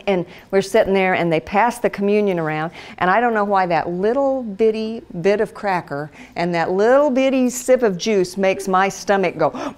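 A middle-aged woman giving a Bible teaching talk to women, telling stories and acting out voices with lively energy. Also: mid-range voice. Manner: animated storyteller, acts out voices. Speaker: women's ministry speaker. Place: church hall.

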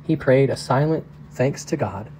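A pastor reading a novel aloud in calm, measured narration. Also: male voice, medium pitch, a little hiss or hum, low-quality recording. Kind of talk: audiobook narration.

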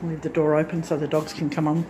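A woman's voice: low-pitched, flat delivery, fast, noisy background. A woman vlogger giving a casual, rambling tour of her farm lodge unit on a handheld phone, correcting herself as she goes. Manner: chatty, rambling, self-correcting. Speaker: craft channel vlogger. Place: farm lodge unit, indoors and on the back porch.

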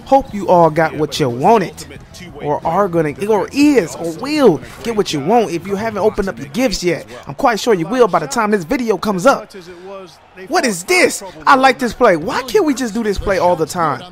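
A man's voice: high voice, sing-song, normal speed. A young man casually commenting over his own basketball video game, trash-talking opponents and laughing between plays. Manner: playful trash talk, laughs often, rhyming banter. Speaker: gaming commentator.

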